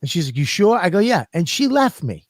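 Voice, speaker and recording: A man co-hosting a podcast, telling profane, animated stories in casual comedic chat. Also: sits high, a little fast, no echo, studio quality. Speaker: podcast co-host.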